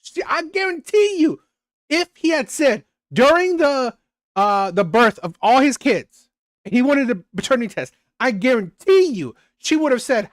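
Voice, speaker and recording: Male commentator, emphatic, repeats himself, lively intonation, dry close mic. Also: very high-pitched, moderate pace, no room sound. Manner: emphatic, repetitive, restarts sentences. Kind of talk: reaction commentary.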